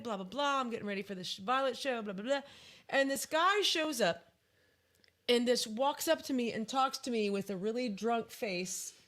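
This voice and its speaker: A woman's voice: a little high, fairly bright tone. A woman in her fifties hosting a casual live podcast, telling stories and acting out other people's lines. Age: 50s. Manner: chatty storyteller, acts out quotes. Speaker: podcast co-host and musician.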